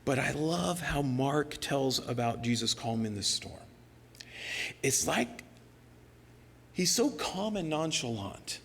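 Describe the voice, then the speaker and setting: A male pastor preaching a sermon in an earnest, personal way, sometimes dropping to a soft near-whisper for emphasis. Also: medium pitch, animated, takes it slowly, creaky, long pauses, in a large hall, a little hiss or hum. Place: church sanctuary.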